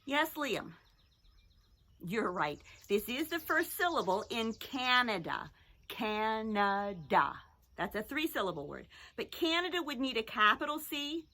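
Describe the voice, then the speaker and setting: A middle-aged woman teaching a children's phonics lesson, talking slowly in a sing-song way and mixing in songs. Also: fairly high pitch. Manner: slow, lively, sing-song teacher talk to young children.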